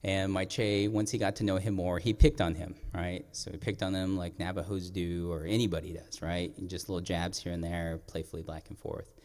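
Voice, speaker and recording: Young male storyteller, low voice, earnest and reflective, live on a stage with a long reverb tail. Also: flat delivery, a little mellow. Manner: earnest, reflective, pauses and clears throat. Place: performing arts center stage.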